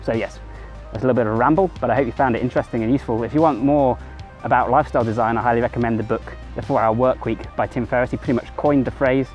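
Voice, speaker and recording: Male vlogger, quick rambling delivery, faint background music. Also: mid-range voice, fairly even intonation, a little mellow. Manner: rambling, conversational, corrects himself mid-sentence. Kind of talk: casual self-help monologue to camera.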